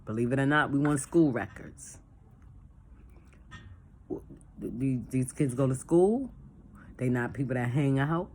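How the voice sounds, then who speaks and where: A woman from a church, with a rumbling low voice, leads a casual discussion, speaking unhurriedly with long pauses over slight background noise. She talks plainly, repeats her points and animatedly acts out phone calls and dialogue as she explains.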